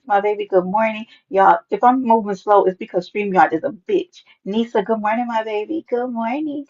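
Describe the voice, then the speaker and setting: A woman hosts a casual live stream with sass and animation, greeting viewers by name and often slipping into a high, playful voice. The audio is dull, lo-fi stream quality.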